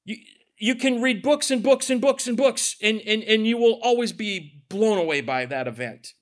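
Animated high-voiced male pastor preaching. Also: moderate pace. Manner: animated, conversational preaching with asides and acted quotes. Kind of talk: sermon.

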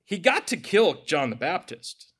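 A man's voice: sits high, very animated, a little slow, fairly bright tone, slightly rough. A man preaching a sermon as pastor, conversational and joking, with sarcastic asides.

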